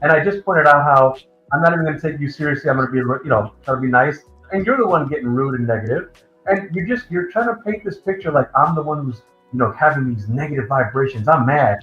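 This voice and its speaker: A man's voice: a little high, fast talker, faint music behind. A male caller in a heated debate, defensive and lecturing, complaining about being interrupted, heard over a call line. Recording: dull, roomy call audio.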